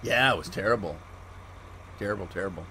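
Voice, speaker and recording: Deep, bright and forceful, the voice belongs to a middle-aged American streamer chatting casually with viewers by name over a farming game. He talks briskly in a rambling, easygoing manner, with a little hiss or hum audible.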